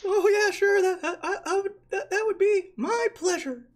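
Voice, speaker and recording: A man voicing a timid little male kobold servant who stammers nervously. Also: moderate pace. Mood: eager. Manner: stammering, squeaky, hesitant.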